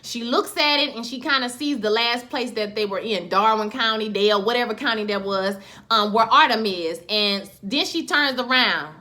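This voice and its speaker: A woman giving a casual, animated episode recap, slangy and acting out scenes in quoted voices. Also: a little high, moderate pace. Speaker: TV show reviewer.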